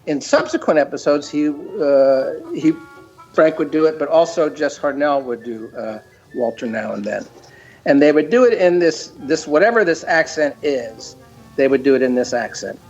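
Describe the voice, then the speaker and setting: An older man, a cartoon creator and guest, telling stories in a casual chat, halting with many fillers. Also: a little high, a little mellow, breathy edge, lo-fi sound, faint music behind.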